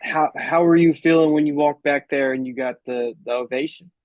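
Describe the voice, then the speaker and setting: A man's voice: a little high, normal speed, no echo, muffled recording. A man hosting a podcast, asking his questions in a casual, somewhat hesitant way with filler words. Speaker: podcast host. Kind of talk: interview questions.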